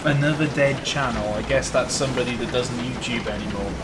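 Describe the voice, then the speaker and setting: Over a noisy background, a Welsh live streamer with a mid-range voice talks a little fast. He rambles and jokes casually while playing, reading viewer comments aloud.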